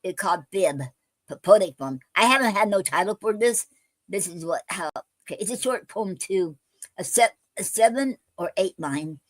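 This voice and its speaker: A woman hosts a poetry show from a dry, close-miked spot with no room sound. She talks casually and haltingly, full of fillers and restarts, and her pitch sits in the middle for a woman. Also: animated, no echo. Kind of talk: casual live-stream chat.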